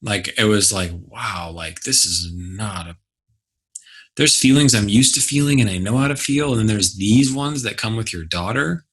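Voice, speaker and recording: In this conversational interview, the guest is a business mentor who speaks casually and plays out his reactions as he recounts a story. He has a husky, expressive, medium-pitched voice and talks a little fast with few pauses.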